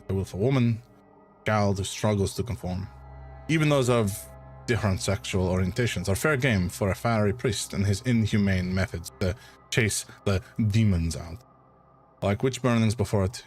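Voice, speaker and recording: Dude doing a cheesy fake french accent, earnest formal researcher guy, lowish voice. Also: close to an everyday voice. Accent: mock French. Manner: admittedly clumsy, exaggerated French accent.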